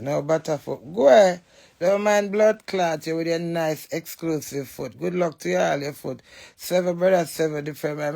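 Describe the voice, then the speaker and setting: A woman's voice: fairly low pitch, vocal fry, darkish tone. A woman with a Jamaican accent in a brash, fiery, swearing rant. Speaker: social media personality. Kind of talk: ranting monologue.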